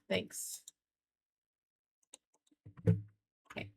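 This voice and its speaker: A woman's voice: on the low side, moderate pace, fairly bright tone. A woman streaming a game live, chatting with her viewers in a playful, teasing way and laughing often. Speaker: streamer playing a farming game.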